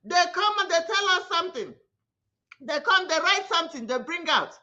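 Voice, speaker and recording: A woman delivering an impassioned political monologue, fiery and repetitive, rising to shouts. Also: extremely high pitch, big pitch swings, normal speed, highs cut off. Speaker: political commentator.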